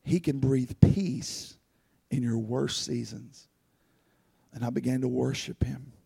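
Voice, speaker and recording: A man's voice: medium pitch, fairly even intonation, slow, gravelly, mellow, husky, no echo, studio quality. A man preaching a sermon as pastor, telling personal stories earnestly and rising into fervent pleading.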